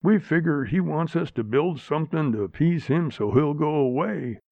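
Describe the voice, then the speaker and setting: A man's voice: fairly high pitch, expressive, normal speed, creaky, no echo, voice pushed up. A man voicing Red, an eager, talkative man who keeps pressing his point, in a storybook reading. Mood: earnest. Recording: narrow phone-like sound, dry.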